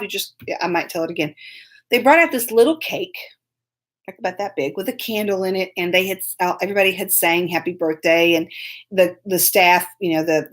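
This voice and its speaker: Woman rambling on her live stream, laughing a lot, saying hi to viewers mid story, phone on a tripod. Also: medium pitch. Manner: rambling and chatty, breaks off to greet viewers by name; laughs often while telling stories. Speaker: host of a live online show.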